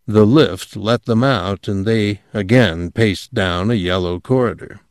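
A man narrates a story in a measured, even manner. His voice sits low, and the recording is close and dry with no room sound. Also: dry recording. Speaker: audiobook narrator. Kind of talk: scripted narration.

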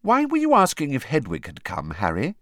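A man reading aloud and voicing a clever, bossy teenage girl in a brisk, reasoning manner. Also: medium pitch, wildly swooping pitch, fairly bright tone, dry recording, clean studio sound, voice pushed up.

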